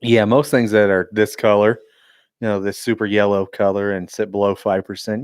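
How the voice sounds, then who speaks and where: A man co-hosting a podcast, relaxed and conversational while reviewing beer with a friend. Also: fairly low pitch, moderate pace, clear, resonant tone, no room sound, clean studio sound. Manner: laid-back, relaxed, conversational. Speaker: podcast co-host. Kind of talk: casual beer review chat.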